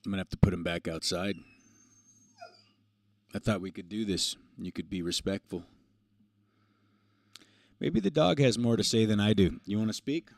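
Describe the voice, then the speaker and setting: Low-voiced man rambling on a livestream. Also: normal speed, creaky, pauses often, no echo. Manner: rambling, profane, motivational. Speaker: livestream host. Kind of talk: casual livestream talk.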